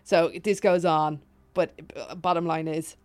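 A woman's voice: lowish voice, steady tone, unhurried, a little mellow, smooth. A woman reading a funny story aloud on a podcast, often laughing, stopping to comment and swearing freely. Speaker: podcast co-host.

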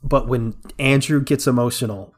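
A man co-hosting a podcast, excitedly retelling movie scenes in casual chat, laughing often and restarting his sentences. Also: medium pitch, moderate pace. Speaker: podcast co-host.

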